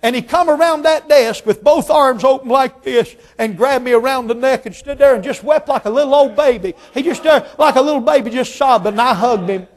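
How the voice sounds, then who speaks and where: Preacher guy, real high voice, goes from hollering to hushed while he tells the story. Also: brisk, few pauses. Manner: emphatic, swinging from shouts to hushed tones. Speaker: pastor. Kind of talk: storytelling sermon.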